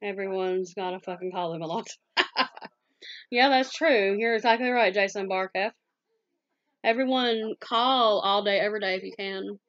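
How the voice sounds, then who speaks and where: Southern lady, 40s, talks quick and chatty, little dull lo-fi sound. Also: mid-range voice, fairly bright tone. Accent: Southern American. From Southwest Virginia, US. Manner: fast-talking, chatty, laughs easily. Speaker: YouTube scam-baiter answering viewer questions. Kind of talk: casual Q&A vlog.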